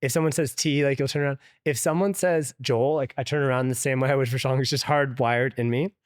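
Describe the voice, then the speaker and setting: A man's voice: medium pitch, steady tone, fairly quick, no echo, studio quality. A man, a guest on an interview show, telling a story casually, with lots of "like" fillers and frequent laughter. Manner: loose and chatty, heavy use of "like", laughs often. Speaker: interview guest, venture investor.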